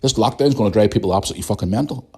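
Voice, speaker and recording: A man's voice: on the low side, racing, a little mellow, breathy edge. Sweary Northern Irish man ranting. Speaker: podcast host. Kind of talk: casual ranting monologue.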